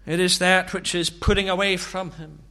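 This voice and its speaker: A man preaching a sermon, asking slow, searching rhetorical questions. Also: sits high, fairly even intonation, pushed and bright.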